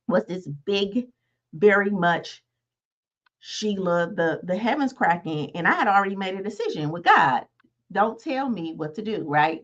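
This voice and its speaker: A woman's voice: fairly low pitch, a bit bright, highs cut off. A woman in her thirties giving a casual, conversational motivational talk as host, often checking in with "right?" as she goes. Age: 30s. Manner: conversational, repeats "right?" to the listener. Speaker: podcast host.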